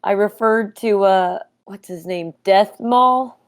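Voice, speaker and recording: A woman's voice: mid-range voice, slow. A woman co-hosting a casual movie-review podcast, giggling and joking at her own expense. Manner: giggly, self-deprecating. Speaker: podcast co-host. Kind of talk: casual chat.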